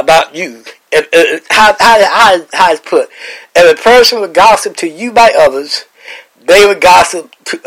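A man's voice: a little high, fairly bright tone, poor audio. A man hosting a Bible chat, preaching with repeated lines and rising emotional emphasis. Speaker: host and Bible teacher.

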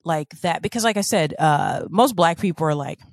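A woman's voice: fairly low pitch, moderate pace, dry recording, clean studio sound. A woman from the American South co-hosting a podcast in casual chat, swearing freely and acting out quotes from people. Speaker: podcast co-host.

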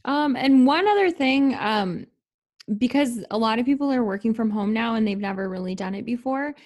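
A woman's voice: a little high, normal speed, a little mellow. A woman co-hosting a podcast, giving casual practical advice with lots of fillers. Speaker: podcast co-host. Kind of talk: casual chat.

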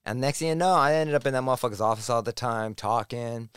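A man, a poet and professor, telling a story in casual podcast talk, profane and animated, acting out the people he quotes. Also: mid-range voice, fast, smooth, no room sound, clean studio sound.

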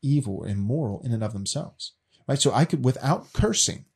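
A man's voice: mid-range voice, expressive, a little fast, creaky, darkish tone, slightly rough. A man casually explaining a faith question as a teacher, earnest and often repeating words as he restarts.

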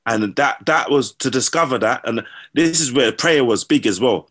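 A man's voice: mid-range voice, moderate pace. A man telling stories in casual slang, acting out what people said. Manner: slangy, animated, acts out quotes. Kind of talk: casual storytelling.

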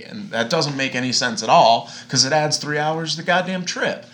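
A man's voice: on the high side, lively intonation, brisk, hardly any pauses, a bit bright. A man in his late thirties telling a travel story in a casual podcast chat, swearing and ranting with exasperation. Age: 30s. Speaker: podcast guest.

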